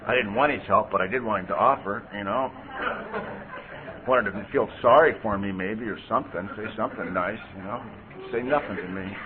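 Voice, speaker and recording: A man's voice: fairly low pitch, a little fast, crowd noise. A man sharing his personal recovery story at a meeting, in a conversational way with lots of "you know.". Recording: tinny phone-like tape with faint hiss.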